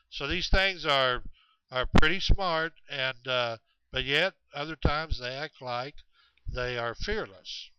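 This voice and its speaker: A man telling a long story about hunters in the woods, halting often with fillers and restarts. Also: medium pitch, bright, forceful tone, clean tone, no echo. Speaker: storyteller of Bigfoot encounters. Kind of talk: rambling spoken storytelling. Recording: dull, muffled recording.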